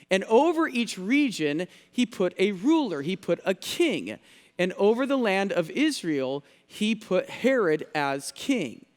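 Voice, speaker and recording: Man preaching, high voice, earnest and emphatic, repeats phrases, long church reverb. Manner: earnest teaching tone, stresses key words, repeats phrases for effect. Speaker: pastor. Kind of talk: sermon. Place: church sanctuary.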